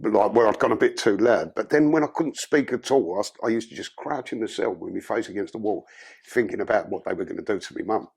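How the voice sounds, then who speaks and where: Bloke, gravelly rough voice, low-ish, telling his story straight with plenty of swearing. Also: fast talker, a little mellow. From London. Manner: blunt, profane storytelling. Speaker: podcast guest. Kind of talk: candid life-story interview.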